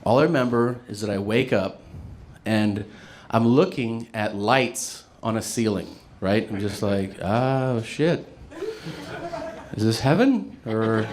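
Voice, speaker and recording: Profane man telling stand-up stories. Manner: animated, profane, jumps high for quoted voices. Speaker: stand-up comedian. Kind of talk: stand-up storytelling. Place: comedy stage.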